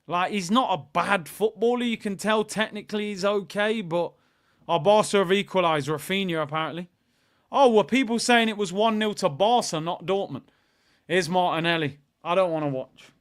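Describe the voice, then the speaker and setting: A young man hosting a live football watchalong, chatty and excitable, bursting into shouts at big moments. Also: high-pitched, normal speed.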